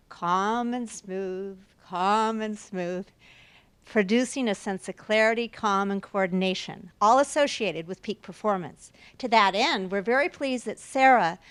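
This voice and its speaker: Female university host, prepared intro, slightly high voice, dry close sound. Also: no room sound. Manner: reads aloud, with occasional restarts. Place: university lecture room.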